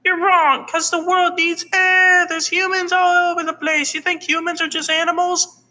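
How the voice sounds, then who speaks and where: A man voicing a squeaky cartoon food character in a home-made animation, arguing in a preachy way. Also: level tone, normal speed, bright, forceful tone, heavily acted. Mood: argumentative.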